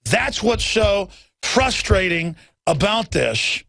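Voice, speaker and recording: A middle-aged man hosting a talk show, ranting hard in a high, gravelly voice that swings wildly up and down. He keeps acting out other people's lines. The sound is dry and close. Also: big pitch swings, slow pace, a bit bright, no echo. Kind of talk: impassioned monologue.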